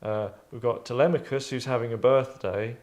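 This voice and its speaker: Male host directing actors, casual and rambling, average pitch. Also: fairly even intonation, normal speed, darkish tone. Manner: rambling, restarts, acts out lines. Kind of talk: casual chat, giving direction.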